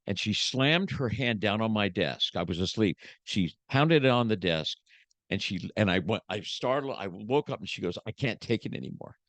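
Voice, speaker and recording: A man's voice: lowish voice, expressive, normal speed, dry recording. Preacher-like man telling his story. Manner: preacher-like, swinging from hushed to emphatic. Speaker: podcast guest, motivational speaker. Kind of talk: emotional personal testimony.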